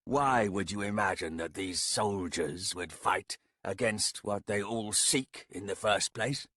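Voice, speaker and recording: A grave, solemn elder, played by a male narrator in a fantasy audiobook. He speaks slowly in a low, husky voice, weighing every word. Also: sharp tone, no room sound, clean studio sound. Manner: slow, grave.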